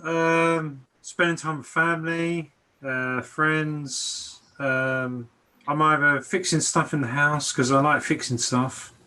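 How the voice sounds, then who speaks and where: A man's voice: a little high, fairly even intonation, takes it slowly, bright, forceful tone. A man chatting casually as a guest, easygoing but hesitant, often repeating words as he searches for them. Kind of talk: casual online chat.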